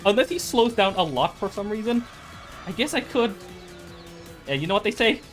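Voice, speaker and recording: A man's voice: sits high, animated, normal speed, fairly bright tone, faint music behind. A streamer, seemingly a man, giving casual commentary on a racing game, repeating phrases and breaking into fits of laughter.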